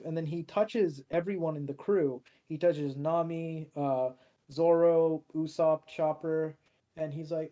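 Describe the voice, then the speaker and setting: A man's voice: a little high, fairly even intonation, a little slow, warm tone. A man co-hosting a podcast, recapping an episode in a loose, rambling way with lots of fillers and restarts. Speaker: podcast co-host.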